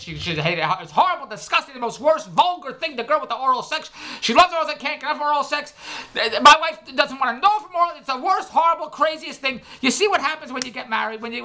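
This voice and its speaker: A man's voice: extremely high pitch, bright, forceful tone. A man in his fifties telling a rambling comic story, repeating himself and making wry self-mocking asides.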